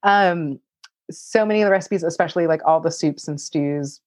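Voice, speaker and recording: A woman cookbook author, speaking low-pitched at normal speed, fields audience questions chattily, with lots of laughter and many "like" fillers. No room sound is present.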